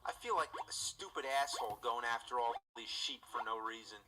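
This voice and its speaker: An actor playing a foul-mouthed, exasperated game critic, ranting incredulously through a scripted comedic review. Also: male voice, medium pitch, animated, brisk, a crowd in the background, natural voice, low-quality recording.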